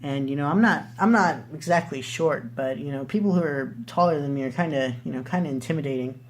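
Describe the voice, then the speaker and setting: A man's voice: a little high, fairly quick. Young male vlogger, casual storyteller, loose and profane delivery. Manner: rambling, swears freely, many fillers.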